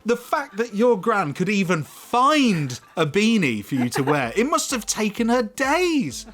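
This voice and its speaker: A man's voice: sits high, measured pace, soft background music. A man co-presenting a casual gaming chat, jokey and laughing often. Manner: jokey, animated, laughs a lot. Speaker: presenter and editor.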